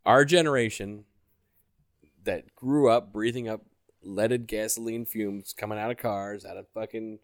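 Blunt, low-voiced podcast co-host man. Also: fairly even intonation, unhurried, no room sound, studio quality. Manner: theorizing, blunt, swears. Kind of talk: profane casual chat.

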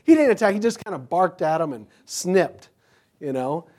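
A pastor giving an informal Bible teaching, telling rambling personal anecdotes. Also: male voice, on the high side, big pitch swings, normal speed, darkish tone.

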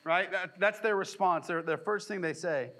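A young man gives a sermon with a high, bright, forceful voice. He talks to the congregation casually and cracks jokes, with sarcastic asides. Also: moderate pace, low-quality recording. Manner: jokey, conversational preaching with sarcastic acted quotes. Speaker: pastor.

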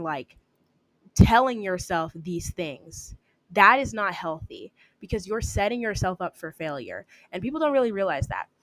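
A woman's voice: fairly low pitch, fairly bright tone, no echo. A young woman hosting her own podcast, talking casually and upbeat, with lots of "like" fillers. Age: young adult. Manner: chatty and upbeat, with frequent "like" fillers. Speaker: podcast host. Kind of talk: casual solo podcast talk.

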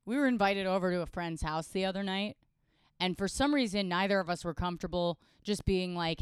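Clear-voiced woman telling wry stories. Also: lowish voice, a little fast, dry recording. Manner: wry, blunt, storytelling. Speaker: podcast co-host. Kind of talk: casual comedic chat.

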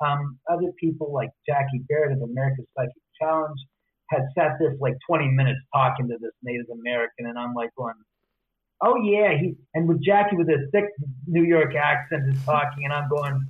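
A man telling stories as an interview guest, lively, acting out the voices of people he quotes. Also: on the high side, brisk. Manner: animated, acts out quoted voices. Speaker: author and guest. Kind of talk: casual storytelling interview. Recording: tinny phone-line audio.

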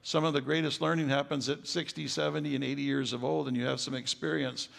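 An older man preaching a sermon as pastor, folksy and joking, building to loud emphatic stretches. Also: medium pitch, level tone, quick pace, vocal fry. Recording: long hall reverb.

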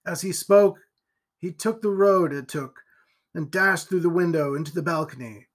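A man narrating a gothic novel as an audiobook in an expressive, theatrical reading. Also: on the high side, normal speed.

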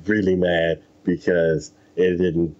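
A man's voice: sits low, little pitch movement, slow, darkish tone, highs cut off. A man in casual chat, animatedly retelling an anime plot and acting out the characters' lines, with lots of fillers. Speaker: anime podcast co-host.

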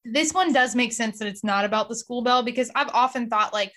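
High bright chatty woman. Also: fairly quick. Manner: chatty, rambling, acts out quotes in her stories. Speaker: podcast co-host. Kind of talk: casual chat.

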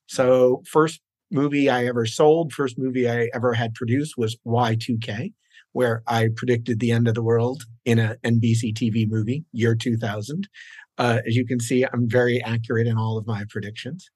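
Genial middle-aged screenwriter, dry sound. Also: male voice, mid-range voice, little pitch movement, normal speed, a little mellow, breathy edge, no room sound. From New York, raised in New Jersey. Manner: genial, self-deprecating, with frequent uh fillers. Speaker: guest screenwriter. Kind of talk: casual interview.

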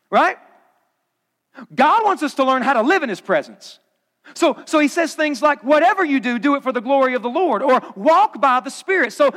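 Middle-aged male pastor, high voice, casual sermon swinging loud to hushed, live in a big reverberant church. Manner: conversational, swings from loud punchy asides to hushed low emphasis. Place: large church auditorium. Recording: long hall reverb.

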